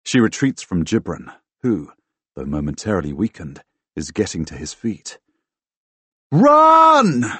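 A man narrating a first-person fantasy audiobook in a dramatic, expressive way, recorded close on a studio microphone. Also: very deep voice, normal speed, husky, no room sound. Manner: dramatic, expressive, bursts into loud shouts in dialogue.

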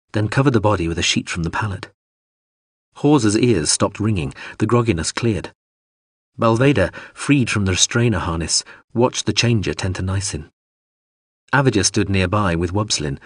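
A man reading an audiobook in steady, measured scripted narration. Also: on the low side, husky, no echo, studio quality.

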